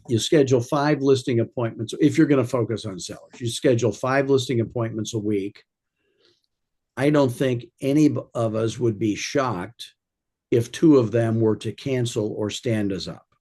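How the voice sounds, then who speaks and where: Man, sales coach, informal training talk, rambling and anecdotal, dry humor, deep-ish mellow voice. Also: slightly rough. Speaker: real estate sales coach.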